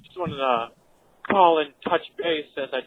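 A man calling in with deadpan, crude joking voicemails. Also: fairly high pitch, measured pace, narrow, tinny audio. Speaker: caller leaving voicemails.

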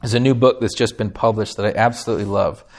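A man's voice: fairly low pitch, steady tone, fast talker, darkish tone. Emphatic male pastor preaching a sermon. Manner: emphatic, rising on key phrases, asks the congregation questions. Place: church sanctuary.

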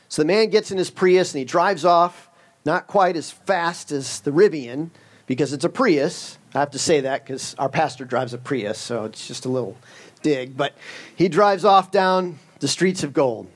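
A man's voice: a little high, moderate pace. A man preaching a sermon with a humorous story, in a conversational, storytelling way with joking asides.

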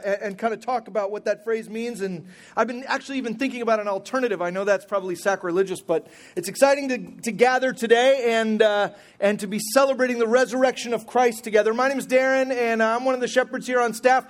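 A man's voice: very high-pitched, fast talker. A man in his forties preaching a sermon as pastor, in a conversational, humorous way with frequent restarts. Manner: conversational, humorous, self-correcting.

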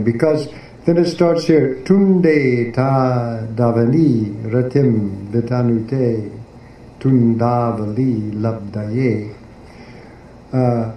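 Dark-voiced man teaching, echoey and distant. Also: medium pitch. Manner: halting, searching for words, many fillers. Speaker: spiritual teacher. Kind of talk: class explaining devotional poetry. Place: devotional garden venue in Philadelphia. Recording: echoey room, distant mic, faint noise.

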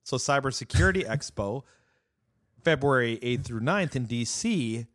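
A man co-hosting a casual tech podcast, joking and making playful asides, sometimes trailing off quietly. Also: mid-range voice, expressive, normal speed, no room sound, clean studio sound. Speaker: podcast co-host.

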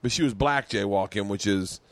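A man's voice: fairly low pitch, moderate pace, no room sound. A man hosting a podcast, telling stories in casual chat and acting out other people's lines as he goes. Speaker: podcast host.

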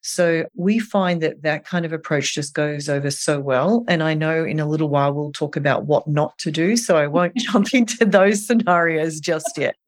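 A calm clinician guest talking through advice gently and earnestly, laying things out one step at a time in a voice of middle pitch. The delivery is steady, caring and patient. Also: moderate pace, few pauses. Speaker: eating disorder clinician guest. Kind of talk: advice in an interview.

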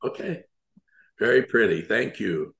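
A man hosting an on-air interview, halting and full of praise and encouragement. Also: fairly low pitch, expressive, gravelly, a bit bright, echoey room. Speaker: radio show host.

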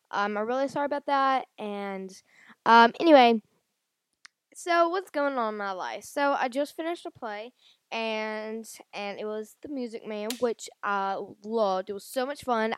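Slow-talking chatty young woman. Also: a little high, no echo. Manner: rambling, chatty, many fillers. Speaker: podcast host. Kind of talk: casual solo podcast chat. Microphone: handheld audio recorder.

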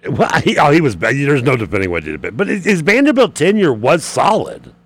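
A man's voice: very animated, quick pace, breathy edge, no echo. A man co-hosting sports radio, laughing and teasing his partner in casual talk. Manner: laughs often, teasing, pitch jumps up when amused.

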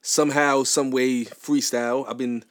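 A man co-hosting a casual chat podcast, teasing and relaxed, trading jokes and music picks. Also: medium pitch, measured pace, smooth. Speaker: podcast co-host.

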